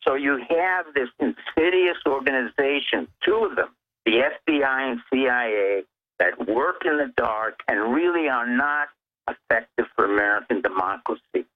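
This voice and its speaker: A man's voice: mid-range voice, moderate pace. A man calling in as a guest, laying out his points one by one in an emphatic, lecturing way. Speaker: phone-in guest. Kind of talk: emphatic political commentary. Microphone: telephone. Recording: tinny phone line.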